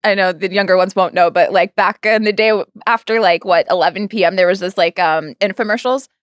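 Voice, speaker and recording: A woman on a podcast chatting casually, teasing the others and firing off quick questions. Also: mid-range voice, dry recording. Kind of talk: casual chat.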